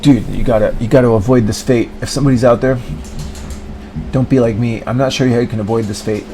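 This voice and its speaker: A man's voice: mid-range voice, steady tone, fast, dark tone, slight background noise, poor audio. A man ranting in a rambling monologue, full of filler words and mocking impressions of other people. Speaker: vlogger.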